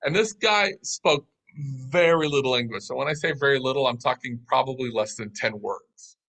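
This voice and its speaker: A man telling a business story as an interview guest, in a lively, anecdotal way. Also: mid-range voice, moderate pace, low-quality recording.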